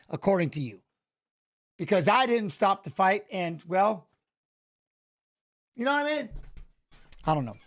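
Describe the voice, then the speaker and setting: A middle-aged man with a notably high voice hosts a live fight watch-along. His talk is loose and animated, wandering off track and circling back to repeat himself. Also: unhurried, long pauses. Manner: animated, rambling, repeats phrases. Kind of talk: casual live fight commentary.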